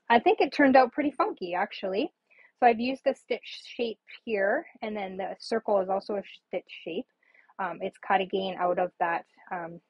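A woman's voice: mid-range voice, slightly rough, no echo, highs cut off. A woman casually showing her handmade paper cards on a live stream, chatty and rambling with many ums. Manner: chatty, rambling, frequent ums, laughs at herself. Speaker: papercraft demonstrator. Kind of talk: casual live craft demo.

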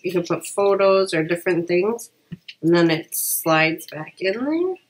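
A woman's voice: lowish voice, animated, a little slow, rough recording. A woman chatting casually through an unboxing while she has a cold, rambling with lots of fillers. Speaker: vlogger.

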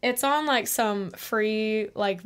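A woman appearing as a guest on a radio talk show, excitable and gushing, rambling as she goes. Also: mid-range voice, slow pace, smooth. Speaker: guest actor. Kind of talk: casual radio chat.

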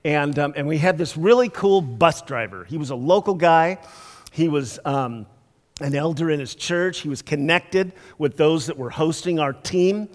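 Pastor preaching in a reverberant church. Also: male voice, a little high, moderate pace. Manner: conversational, laughs often, drops soft for emphasis. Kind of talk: storytelling sermon. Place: church sanctuary. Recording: long church hall reverb.

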